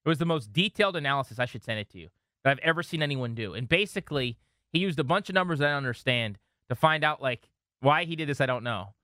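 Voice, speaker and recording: A man in his thirties co-hosting a casual sports talk show, telling animated stories. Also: medium pitch, fast talker, no echo, studio quality. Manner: animated storyteller, slips into funny voices. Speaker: podcast co-host.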